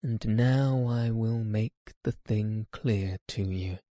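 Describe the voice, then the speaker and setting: Guy reading a worn-out dying old man, low voice, dry close sound. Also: slow, warm tone, no echo. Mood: resigned. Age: older. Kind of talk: audiobook reading.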